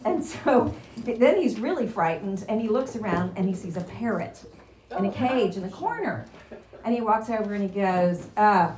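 A woman's voice: medium pitch, animated, moderate pace, warm tone. A woman teaching a casual Bible lesson, chatty and quizzing her class as she goes. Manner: chatty, asks the class questions. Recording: roomy echo, faint background noise.

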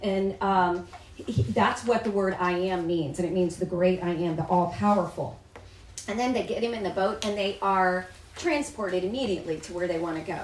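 A woman's voice: on the low side, moderate pace, darkish tone, reverberant, recorded from a distance, slight background noise, low-quality recording. A woman leading a Bible study, explaining the text in a chatty way, asking the group questions and reading passages aloud. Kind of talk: teaching and reading scripture aloud. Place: room with a small group.

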